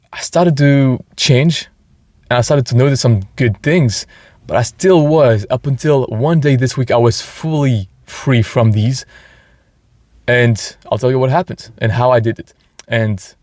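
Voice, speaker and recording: A man's voice: mid-range voice, unhurried, a little mellow, dry recording. A man hosting a motivational podcast, talking earnestly and enthusiastically, with frequent restarts. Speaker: podcast host.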